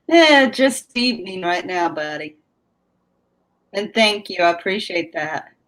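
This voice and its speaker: A woman's voice: mid-range voice, takes it slowly, a bit bright. A woman hosting a casual live stream, chatting with viewers and laughing often. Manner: laughs often, drawls words out. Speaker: livestream host chatting with viewers.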